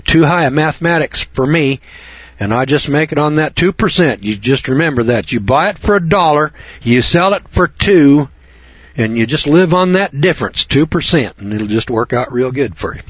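A man voicing a plain-spoken country wife, folksy and matter-of-fact, slightly raised in pitch. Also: lively intonation, moderate pace, slightly rough, dry recording. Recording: dull dry lo-fi radio recording.

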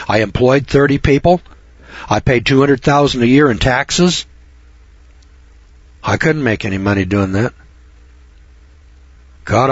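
A man's voice: medium pitch, slightly rough, no echo. A middle-aged man hosting a radio talk show, folksy and sarcastic, rambling with repetitions. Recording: dull dry lo-fi radio recording.

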